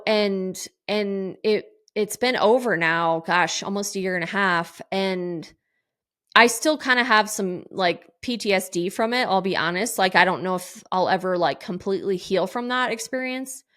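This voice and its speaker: A woman's voice: mid-range voice, fairly bright tone. A middle-aged woman hosting a podcast, talking candidly and emotionally, rambling with lots of fillers and restarts. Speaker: podcast host. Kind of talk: candid personal monologue.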